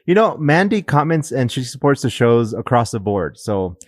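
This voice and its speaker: A man's voice: medium pitch, very animated, moderate pace, no room sound, clean studio sound. A man co-hosting a podcast, chatting casually, laughing often and reading out listener comments. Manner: easygoing, laughs a lot. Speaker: podcast co-host.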